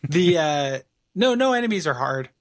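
A man's voice: a little high, sing-song, normal speed. Chatty, enthusiastic male podcast host. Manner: chatty, enthusiastic, laughs often. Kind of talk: casual chat.

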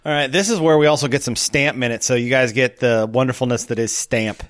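A man co-hosting a podcast, chatting casually, laughing often and tossing in quick asides. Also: medium pitch, fairly bright tone. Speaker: podcast co-host. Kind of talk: casual chat.

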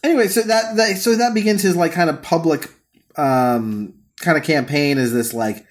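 A man co-hosting a podcast chats casually, rambling with many fillers and restarts. His voice is on the high side, at a moderate pace.

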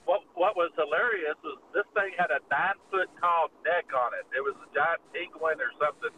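A man co-hosting a casual chat, telling a story with animated energy and frequent laughter. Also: a little high, a little fast, far from the mic, slight background noise, rough recording. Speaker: podcast co-host.

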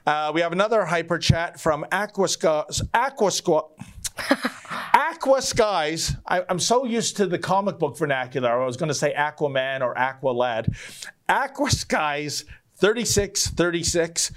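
A man's voice: fairly high pitch, animated, normal speed, fairly bright tone. A man hosting a live stream, reading viewer chats aloud with wry jokes and theatrical emphasis. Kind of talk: casual live-stream talk.

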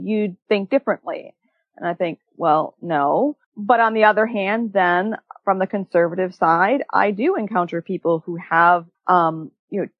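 A woman talking earnestly as a guest in a conversational interview, animated and often restarting her sentences. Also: fairly low pitch, dry recording, muffled recording.

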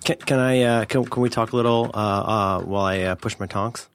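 A man in casual chat, rambling and joking as he narrates what he is doing, talking loud from across the room. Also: on the low side, brisk, a little hiss or hum. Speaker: podcast co-host. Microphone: headphones, talking loud from across the desk.

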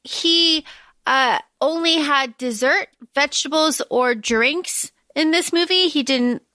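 A high-pitched, bright-toned woman co-hosting a podcast. She recaps a movie in a lively, casual way and slips into quoting the characters. The sound is dry and close, with no room echo. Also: slow pace. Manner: animated, quotes characters in exaggerated voices, swears casually. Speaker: podcast co-host.

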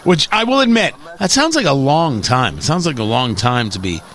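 A man's voice: medium pitch, very animated, normal speed, fairly bright tone. A middle-aged man hosting a talk radio show, delivering an opinionated monologue in a sarcastic, combative way.

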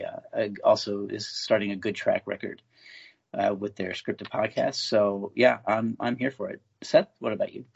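A man's voice: on the low side, creaky, breathy edge, lo-fi sound. A man speaking as a panelist in a casual podcast chat, enthusiastic and full of hesitant fillers.

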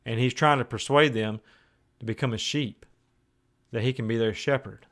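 A man preaching a sermon in a conversational way. He moves between raised, emphatic declarations and hushed, slow asides. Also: medium pitch. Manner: conversational, with plain everyday phrases.

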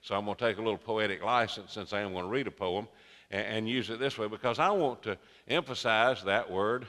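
An older man preaching a sermon as pastor, in a folksy, unhurried way that builds to emphatic peaks. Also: lowish voice, fairly bright tone. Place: church sanctuary. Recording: long reverberant sanctuary.

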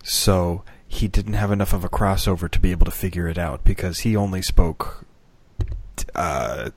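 A man's voice: sits low, moderate pace, breathy edge, dry recording. A man co-hosting a podcast in casual chat, telling wry stories and laughing at them. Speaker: podcast co-host.

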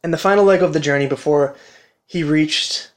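A man who co-hosts a podcast, casually retelling a game playthrough in an animated, conversational way. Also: fairly high pitch, moderate pace. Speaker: podcast co-host.

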